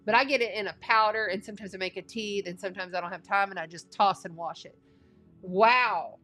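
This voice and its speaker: A woman reading tarot cards in a casual, chatty way, getting excited and thinking out loud as she talks. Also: medium pitch, a little fast, soft background music. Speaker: astrology and tarot reader.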